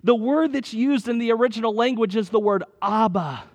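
A man's voice: very high-pitched, fairly quick, a little mellow, in a large hall. A man in his thirties preaching a sermon in an earnest, conversational way, often repeating his phrases. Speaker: pastor.

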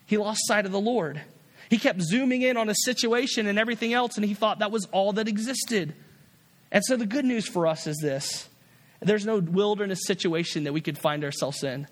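High-voiced earnest male preacher. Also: normal speed, long reverb tail. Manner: earnest, repeats himself and restarts often. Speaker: pastor. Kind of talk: sermon.

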